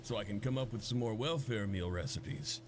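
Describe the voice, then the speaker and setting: A man's voice: lowish voice, moderate pace, a little hiss or hum, natural voice. A man voicing a polite cafeteria cook in a video game who serves a duke with courteous deference. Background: game music.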